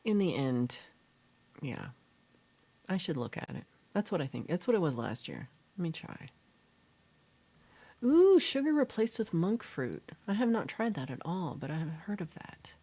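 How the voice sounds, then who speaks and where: A woman's voice: lowish voice, big pitch swings, normal speed, pauses often, warm tone. A woman hosting a casual livestream chat, rambling with fillers as she reads out and answers viewers' comments. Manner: rambling with fillers and self-corrections. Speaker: livestream host.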